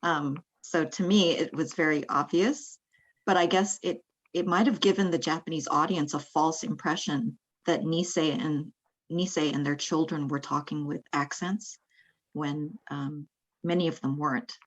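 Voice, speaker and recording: A woman's voice: sits low, fairly even intonation, measured pace, poor audio. A woman moderating a question-and-answer session on a video call, speaking conversationally with ums. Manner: conversational, with ums, asks questions and reads one out.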